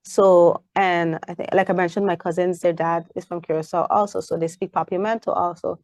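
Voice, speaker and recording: A young woman with a Caribbean English accent, chatting as an interview guest and acting out lively stories about her daughter. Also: on the low side, brisk, dry recording, clean studio sound. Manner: animated storyteller, acts out her child's voice. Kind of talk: casual interview chat.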